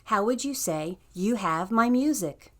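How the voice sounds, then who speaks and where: A woman's voice: mid-range voice, animated, a little slow. A woman narrating a scripted language lesson in an upbeat, encouraging way. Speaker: language teacher.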